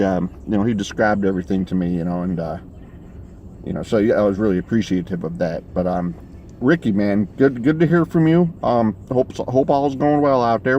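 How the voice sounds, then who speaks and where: A man with a lowish voice rambles through a comic monologue, stacking fillers and restarts in a deadpan way. He records from inside a car, with faint road noise underneath. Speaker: comic character vlogger. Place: in a vehicle, driving.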